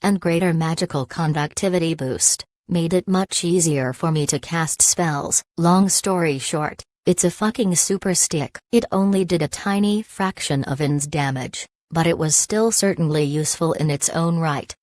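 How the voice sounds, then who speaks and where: A woman's voice: low-pitched, normal speed, few pauses, a little mellow, dry recording, clean studio sound. A woman narrating a fantasy novel aloud in a casual, wry first-person voice. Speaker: audiobook narrator.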